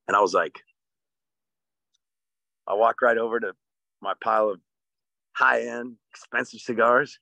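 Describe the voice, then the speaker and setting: A man's voice: mid-range voice, steady tone, a little slow, creaky, long pauses, sharp tone, dry recording. A man co-hosting a casual podcast, talking in an intense, profane, motivational way.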